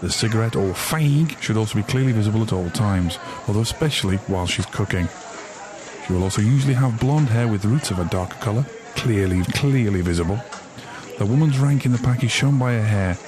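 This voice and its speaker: A man's voice: fairly low pitch, lively intonation, fairly quick. An English man narrating a mock wildlife documentary in a dry, mock-serious way. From England. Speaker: comedy podcast host. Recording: music behind the voice.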